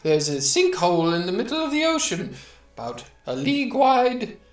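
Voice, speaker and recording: A game master voicing a forgetful, whiskey-loving male balloonist in the fey realm, rambling with hard breathy H sounds and much dithering. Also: mid-range voice, big pitch swings, normal speed, close to an everyday voice. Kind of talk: voicing a character in a tabletop game.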